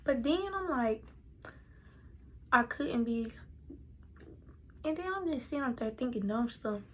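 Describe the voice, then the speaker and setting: A woman's voice: on the high side, lively intonation, a little slow, fairly bright tone, a little hiss or hum. A young woman telling a personal story in a casual, chatty way, talking directly to her viewers. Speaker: vlogger.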